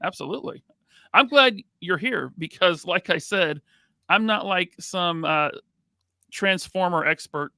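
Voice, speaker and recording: A man's voice: high voice, animated, gravelly, sharp tone, no echo. A man hosting a live podcast, greeting chat members by name in a casual, upbeat way. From United States. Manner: reads out chat names with quick greetings. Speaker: podcast host.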